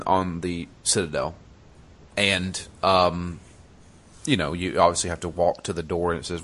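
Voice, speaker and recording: Man, very deep voice, casual gaming chat, animated storyteller, swears freely.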